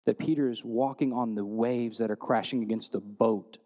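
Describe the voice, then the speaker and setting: Man, pastor, sermon, storytelling delivery, mid pitch, long hall reverb. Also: normal speed. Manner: storytelling, animated when retelling scripture.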